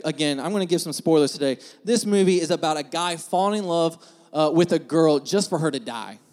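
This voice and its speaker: A man's voice: on the high side, a little mellow. A man preaching a sermon in a casual, joking storytelling way, speaking in a church sanctuary. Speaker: pastor. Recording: long hall reverb in a church.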